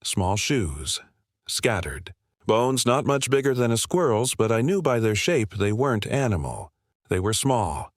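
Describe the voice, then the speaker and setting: A middle-aged man narrating a camping horror story in a slow, hushed, ominous way. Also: medium pitch, no echo, clean studio sound.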